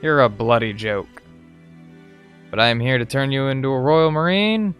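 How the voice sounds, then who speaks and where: Gruff video game drill sergeant, male, barking insults and orders, voiced by a man, low-ish pitch, faint music behind. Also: normal speed, fairly bright tone, natural voice. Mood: stern.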